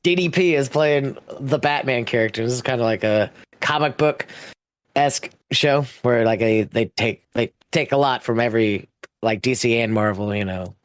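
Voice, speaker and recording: A man's voice: mid-range voice, moderate pace, dry recording. A young man co-hosting a podcast, rambling casually with lots of fillers and swearing, laughing as he retells a show. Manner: rambling, heavy filler use and swearing, laughs while telling. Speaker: podcast co-host. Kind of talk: casual chat.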